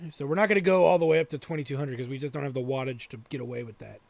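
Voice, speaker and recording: A man's voice: medium pitch, very fast, gravelly, darkish tone, no room sound. A man hosting a let's play, thinking aloud as he plays and swearing freely. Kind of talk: gameplay commentary.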